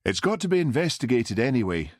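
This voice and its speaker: A man's voice: medium pitch, big pitch swings, quick pace, no room sound, studio quality, pitched above the performer's own voice. A man voicing a weary but firm village policeman in an audiobook.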